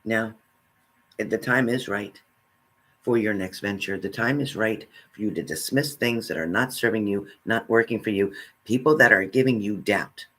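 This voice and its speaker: A man's voice: fairly low pitch, normal speed, fairly bright tone. A man giving a spiritual reading, speaking earnestly and straight to the listener, repeating his phrases. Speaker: spiritual reader.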